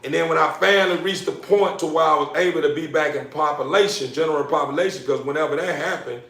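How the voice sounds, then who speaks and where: A man with a fairly high voice tells a long personal story, cursing freely and repeating himself for rhythm. He sounds distant from the mic, and the room around him rings with echo. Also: quick pace, vocal fry. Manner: profane, repetitive, builds up excitement. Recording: roomy, from a distance.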